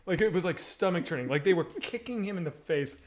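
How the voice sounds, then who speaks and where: A man's voice: high voice, expressive, fast. A man in his forties, a comedy show co-host, casually telling a story, laughing and swearing as he goes.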